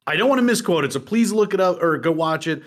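Guy with a high voice chatting on a podcast, animated, laughs a lot. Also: fast. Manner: animated, laughs often, does mock accents. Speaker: podcast co-host. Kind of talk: casual chat.

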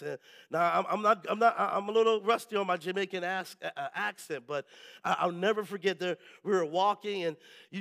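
A male pastor preaching a sermon, telling lively stories and often checking in with the congregation. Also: sits high, gravelly. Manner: lively storytelling, keeps asking the crowd "right?".

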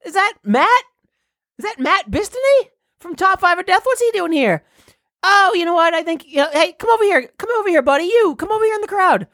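A man voicing an excitable male parade radio announcer who rambles in hyped, shouty patter. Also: extremely high pitch, brisk, no echo, studio quality, pitched above the performer's own voice, heavily acted. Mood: excited. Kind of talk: improvised comedy bit.

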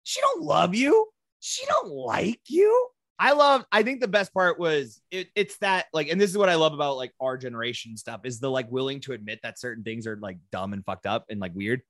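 A man co-hosting a podcast in casual, rambling chat, animated and swearing freely. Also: medium pitch, fast talker, hardly any pauses, no room sound, studio quality. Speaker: podcast co-host.

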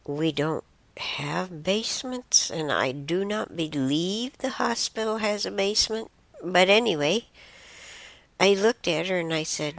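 Slow, lively-voiced woman telling stories. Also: fairly low pitch, vocal fry, no echo. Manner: rambling, restarts and corrects herself. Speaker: show host. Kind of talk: casual personal storytelling.

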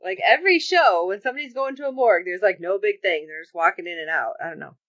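A woman's voice: mid-range voice, quick pace, dry recording. A woman co-hosting a podcast, chatting casually about a TV episode and acting out characters' lines. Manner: animated, acts out characters' lines. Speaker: podcast co-host. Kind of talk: casual TV recap chat. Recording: dull lo-fi recording.

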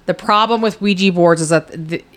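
A woman's voice: lowish voice, a little fast. A woman co-hosting a casual podcast, blunt and profane, laughing often. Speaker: podcast co-host.

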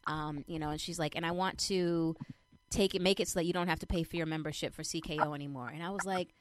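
A young adult woman chatting casually as she shares a personal update, retelling things in an animated way with lots of fillers. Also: low-pitched, fast, a little hiss or hum. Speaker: vlogger sharing a personal update. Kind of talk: casual chat.

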